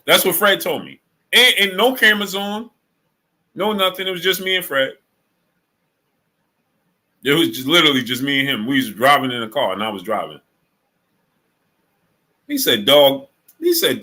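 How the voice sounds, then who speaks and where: A man hosting a boxing live stream, telling stories in a lively, animated way, quoting a friend and shouting out viewers in the chat. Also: fairly high pitch, moderate pace, pauses often. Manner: animated storytelling, acts out friend's quotes. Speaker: sports channel host.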